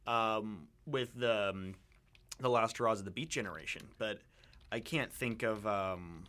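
A man's voice: fairly low pitch, unhurried, pushed and bright. A young man co-hosting a radio talk show, thinking aloud in a rambling way with many fillers and restarts. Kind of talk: casual discussion.

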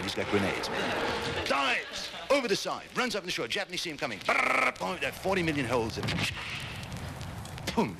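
A man's voice: mid-range voice, creaky, heavy background noise. A male comedian retelling a war movie in hip slang, adding sound effects. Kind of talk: stand-up comedy routine.

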